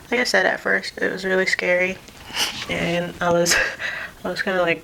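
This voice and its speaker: Young woman vlogger, gravelly lower voice, chatty and rambling, noisy home recording. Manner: rambling, says "like" constantly, laughs often; acts out her mom's voice in quotes. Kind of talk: chatty get-ready-with-me vlog.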